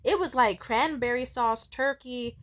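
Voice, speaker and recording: A woman's voice: fairly high pitch, unhurried. A young woman vlogging in a casual, swear-filled storytelling way, acting out the people she quotes. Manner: profane, animated, acts out quoted people.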